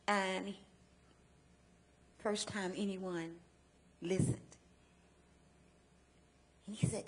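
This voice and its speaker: A woman from Chicago speaks at a mid pitch, recounting her past as a personal testimony. She tells it earnestly, with emphatic repeats and halting restarts. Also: steady tone. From Chicago, United States. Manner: earnest storytelling with emphatic repetition; halting restarts when emotional. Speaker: guest speaker and advocate.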